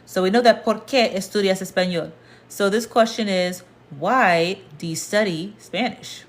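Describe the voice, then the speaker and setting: A woman teaching a casual livestream lesson, explaining patiently and repeating words slowly. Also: mid-range voice. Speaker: Spanish teacher.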